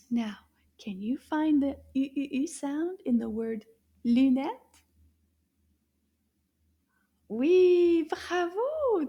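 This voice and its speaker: A woman's voice: on the high side, dark tone. A woman teaching a children's lesson in a cheerful, sing-song teacher voice.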